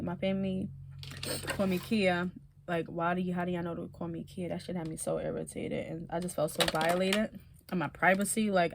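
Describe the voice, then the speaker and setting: A woman telling her own story in a casual, animated way, swearing often and laughing now and then. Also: fairly low pitch, a little hiss or hum.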